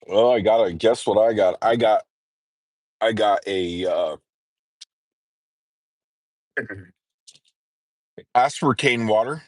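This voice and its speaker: A congested man in trucker training hosts a casual morning livestream, speaking slowly with long pauses in a fairly low, slightly mellow voice. He rambles, clears his throat often, and uses lots of filler words, with dry, close sound and no room sound.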